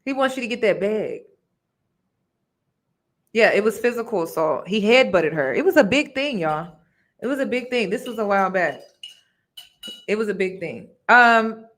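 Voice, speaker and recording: A woman's voice: fairly high pitch, big pitch swings, normal speed, fairly bright tone. A woman hosting a casual review vlog, talking chattily and emphatically to her viewers and repeating her points. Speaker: reaction video host. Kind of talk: casual commentary on a reality show.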